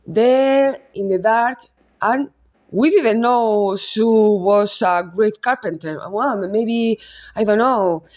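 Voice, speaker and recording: A woman with a Spanish accent talks through a film analysis at an unhurried, measured pace. She often stops mid-thought, restarts and restates her words as she works out her point. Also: mid-range voice, a little mellow. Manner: halting, rephrases and repeats words as she goes. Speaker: film reviewer. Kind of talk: casual film analysis monologue.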